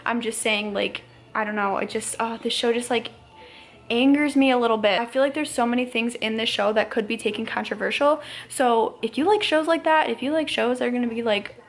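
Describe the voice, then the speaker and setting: A woman in her twenties and a young mother, ranting casually to camera in a fast, rambling way full of "like". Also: fairly high pitch. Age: 20s.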